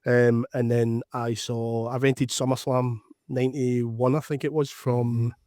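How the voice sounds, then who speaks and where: A man's voice: medium pitch, level tone, a little slow, a little mellow, no echo, studio quality. A middle-aged man with a broad Scottish accent, chatting as a guest on a podcast with a self-deprecating humour. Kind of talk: casual chat.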